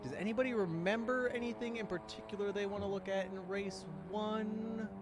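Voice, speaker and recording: A man's voice: high-pitched, fairly even intonation, moderate pace, loud music behind the voice. A man hosting a casual sim racing review, joking, swearing and laughing often. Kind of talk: casual chat, race commentary.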